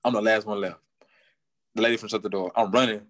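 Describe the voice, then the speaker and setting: Animated low-voiced man telling a story. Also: fast talker, no echo. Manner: acts out quotes with big jumps in pitch, laughs often. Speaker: football player guest.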